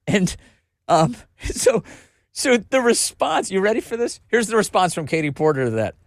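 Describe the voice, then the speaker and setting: A man's voice: high voice, very animated, moderate pace, no room sound, clean studio sound. A man hosting a political commentary show, reading documents aloud with emphatic, sarcastic remarks and asides to viewers.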